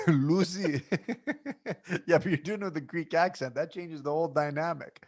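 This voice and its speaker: A man co-hosting a sports podcast, joking and bantering with his co-host in animated, quick exchanges. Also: a little high, noisy background.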